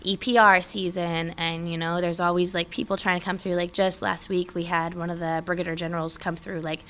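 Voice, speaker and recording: A young woman in casual interview chat, talking fast and loose with many fillers. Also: on the low side, clear, resonant tone. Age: young adult. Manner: chatty, many fillers, animated when quoting others. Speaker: guest, airman.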